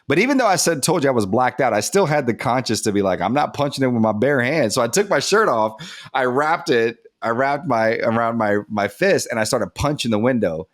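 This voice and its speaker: A man as a podcast guest telling a personal story candidly, acting out what others said and turning soft and subdued as it gets emotional. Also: medium pitch, a little fast. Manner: animated, acts out quoted dialogue, laughs at himself.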